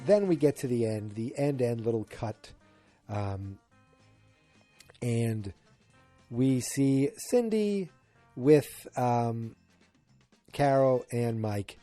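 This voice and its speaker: A man's voice: medium pitch, lively intonation, mellow, faint music behind. A man in his forties hosting a casual solo podcast, rambling and joking as he retells a sitcom episode and acts out lines. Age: 40s. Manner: rambling, jokey, acts out characters in quick bursts. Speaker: podcast host.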